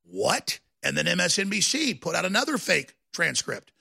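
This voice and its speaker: A man hosting a talk show, delivering a combative political rant that builds into shouting. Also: sits high, very animated, moderate pace, creaky, husky.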